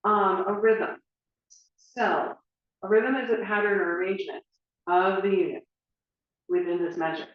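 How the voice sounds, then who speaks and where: A woman's voice: mid-range voice, fairly even intonation, measured pace, pauses often, recorded from a distance. Chatty woman teaching in an echoey room. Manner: chatty, filler-heavy, explains with examples. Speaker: dance teacher. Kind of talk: casual instructional talk. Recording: echoey room, dull lo-fi sound.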